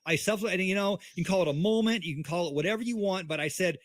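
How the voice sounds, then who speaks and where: A man on a video call, his voice pitched a bit high and the sound very dry. He talks in a heated, profane and emphatic way, repeating his point with force. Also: fast, no room sound. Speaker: co-host. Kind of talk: heated livestream chat.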